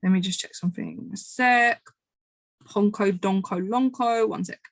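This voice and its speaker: A woman's voice: mid-range voice, normal speed, gravelly, no echo. A woman giving a motivational coaching talk, emphatic and repetitive, who swears freely. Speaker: manifestation coach.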